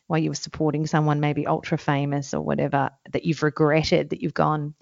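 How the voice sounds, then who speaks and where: A woman's voice: sits low, little pitch movement, fairly quick, gravelly, darkish tone, dry recording, lo-fi sound. An Australian woman hosting a podcast, playfully teasing her guest as she asks her questions. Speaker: podcast host. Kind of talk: casual podcast chat.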